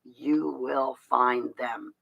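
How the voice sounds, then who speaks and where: A woman's voice: a bass voice, fairly even intonation, extremely slow, vocal fry, fairly bright tone, muffled recording, slight background noise. A woman hosting a casual livestream, rambling and confiding in her viewers, with restarts and laughs. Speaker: livestream host talking to her chat.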